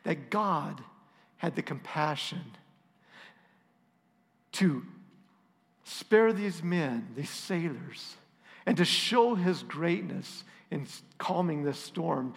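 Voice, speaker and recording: A middle-aged male pastor with a slightly high voice tells a story in a relaxed, self-deprecating way. His voice rings out in a church hall with a long, trailing reverb. He talks easily, as if chatting with his people. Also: takes it slowly, long pauses. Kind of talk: storytelling sermon.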